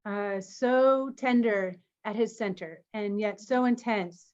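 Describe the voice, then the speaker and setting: A woman co-hosting an online meeting, telling a personal story in an animated way and laughing as she goes. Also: medium pitch, slow pace. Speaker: co-host of an online community meeting. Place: home, on a video call. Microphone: video call. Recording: slightly dull video call audio.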